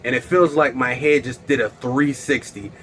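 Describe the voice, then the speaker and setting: A storyteller vlogger recounts a personal story in a casual, slangy manner, packed with fillers and laughs. His mid-range, slightly bright voice has fairly even intonation and a moderate pace, over slight background noise.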